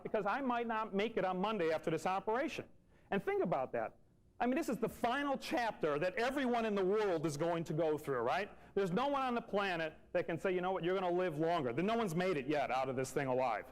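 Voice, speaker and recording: Earnest man in his forties, higher voice. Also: low-quality recording. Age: 40s. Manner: earnest, emphatic, repeats key phrases. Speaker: speaker telling a personal story to coworkers. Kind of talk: personal storytelling talk.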